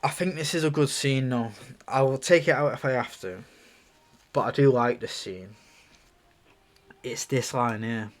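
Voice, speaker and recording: A screenwriter casually reading through his own screenplay and commenting on it in a relaxed, musing way. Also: medium pitch, measured pace, pauses often.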